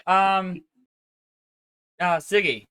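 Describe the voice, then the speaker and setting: A man's voice: high voice, steady tone, drawn-out words, bright, forceful tone, clear, resonant tone. A man hosting a casual voice chat Q&A, reading out questions, crude and jokey with frequent swearing.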